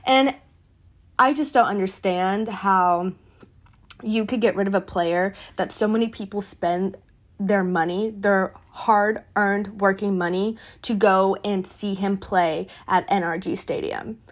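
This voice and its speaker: A young adult woman hosting a podcast, ranting in casual sports commentary with heated, profane, animated talk. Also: mid-range voice, a little slow. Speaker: podcast host.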